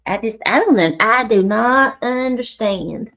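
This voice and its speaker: With a slightly high, animated and somewhat bright voice, a middle-aged livestream host talks openly with her viewers. She swears freely and keeps stopping to start her sentences over.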